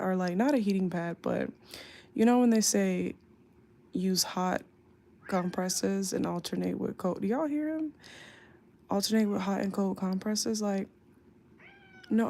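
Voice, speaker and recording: Young woman, worn out and aching, drawling late-night livestream chat into her phone, with a gravelly edge. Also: medium pitch, dark tone. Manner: slow, tired, drawling talk with lots of fillers. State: sleepy and in back pain. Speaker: flight attendant livestreamer. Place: home at night. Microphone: phone mic, off screen.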